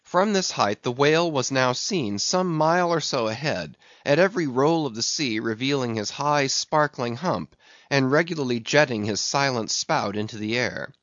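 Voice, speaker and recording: A man narrating an audiobook in a measured, even reading. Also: medium pitch, dry recording. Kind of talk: scripted narration. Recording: dull, dry sound.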